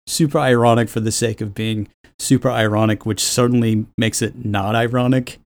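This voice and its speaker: A man's voice: medium pitch, fairly even intonation, moderate pace. A man co-hosting a podcast in casual chat, talking in a rambling, wry way and swearing freely. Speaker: podcast co-host.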